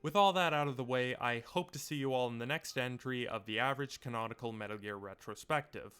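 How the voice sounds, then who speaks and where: A man's voice: mid-range voice, a little fast, bright, forceful tone, clean tone, soft background music. Earnest young man narrating a voice-over. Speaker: video essay host. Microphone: home mic setup.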